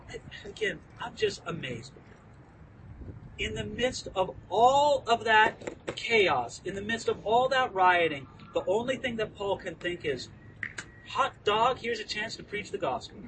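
A man teaching the Bible outdoors as a pastor, lively and acting out quoted lines. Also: extremely high pitch, measured pace, recorded from a distance, slight background noise, rough recording. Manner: animated, acts out quoted lines. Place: outdoors within view of a landmark hill.

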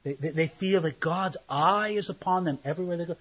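A male preacher with a high, bright voice delivers an emphatic Bible sermon, throwing drama into the verses he explains. The recording sounds dull and lo-fi. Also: fairly quick, slightly rough. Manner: emphatic, dramatizes scripture passages.

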